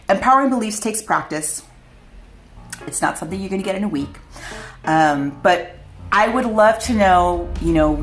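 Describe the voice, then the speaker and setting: A middle-aged woman vlogger telling a personal story to camera, chatty and candid, often laughing at herself. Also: fairly low pitch.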